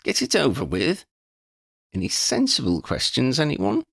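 Male narrator doing a decisive young woman leader, kind but firm, storybook reading with a low gravelly base voice. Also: huge pitch swings, normal speed, a bit bright, dry recording, clean studio sound, heavily acted. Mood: firm, reassuring. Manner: reassuring, decisive. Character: young witch leading a group, calm, firm, kind.

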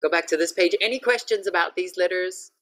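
A woman teaching English pronunciation in an online lesson over a video call, patiently repeating each word clearly. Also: lowish voice, fairly quick, a bit bright.

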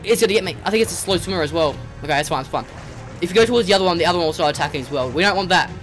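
Excitable young gamer, high and lively. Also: male voice, very fast, soft background music. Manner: excitable, rambling, yelps at game creatures. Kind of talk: let's play commentary.

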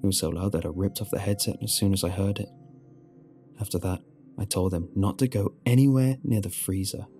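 A man with a very deep, gravelly voice narrates a first-person horror story. His delivery is low and measured, and soft music plays faintly beneath him. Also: steady tone.

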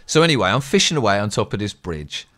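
An English man telling a rambling, sweary story in a casual, animated way as a streamer. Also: fairly low pitch, fast talker. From England.

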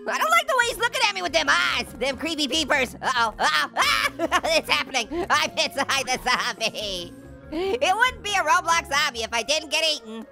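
A squeaky, giggling cartoon orange. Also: male voice, sing-song, moderate pace, bright, forceful tone, faint music behind, exaggerated voice. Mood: goofy. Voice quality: squeaky, high, gravelly edge. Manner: giggly, pun-telling, constantly laughing at own jokes. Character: hyper, wisecracking talking orange with punny jokes. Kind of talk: gaming let's-play commentary.

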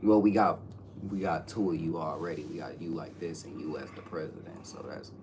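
A man's voice: extremely low pitch, a little fast, distant mic, noisy background. A man teasing and mocking his partner in a comedy skit. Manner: teasing, mocking, lively swings.

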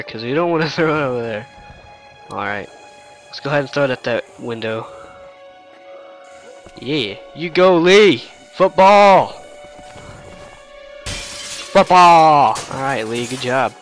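A man's voice: mid-range voice, quick pace, a bit bright. A man hosting a gaming video, thinking aloud and joking as he plays. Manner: joking, chatty, thinks aloud, laughs at his own jokes. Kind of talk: let's-play commentary. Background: game music.

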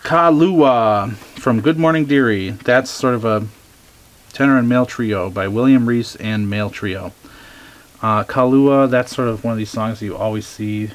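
A man chatting casually as he shows off his record finds, relaxed and eager, with many ums. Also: mid-range voice, a little slow. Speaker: record collector showing finds. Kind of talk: casual show-and-tell vlog.

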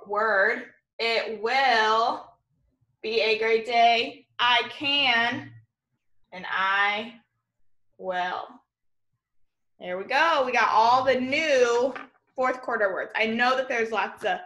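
Slow, spelling-out woman teacher. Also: a little high, reverberant. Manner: slow, spells words letter by letter; warm encouraging teacher talk, addresses class as friends. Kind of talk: remote classroom lesson.

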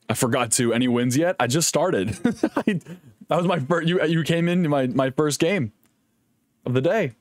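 A young man streaming a video game, chatting casually in a rambling, jokey, excitable way and swearing often. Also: fairly high pitch, moderate pace, no room sound. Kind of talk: casual live-stream gaming chat.

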